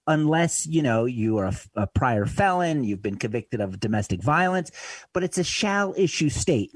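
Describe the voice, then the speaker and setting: A male talk radio host running through listener cities and news in a loose, conversational monologue. His voice sits mid-pitch and sounds close and dry on a studio mic, with no room echo. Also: breathy edge. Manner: conversational, loose, with fillers and asides. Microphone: studio microphone.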